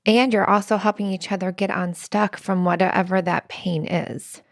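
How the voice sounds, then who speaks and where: Gravelly-voiced woman sharing advice. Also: mid-range voice, fairly even intonation, normal speed, no echo, clean studio sound. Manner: earnest, storytelling with quoted dialogue. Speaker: podcast co-host. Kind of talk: relationship advice conversation.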